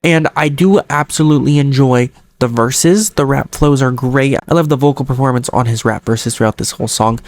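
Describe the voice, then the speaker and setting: A man giving an enthusiastic, chatty album review to his viewers, talking like an excited fan and cracking playful jokes along the way. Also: mid-range voice, moderate pace, hardly any pauses. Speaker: music reviewer YouTuber. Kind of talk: casual album review monologue.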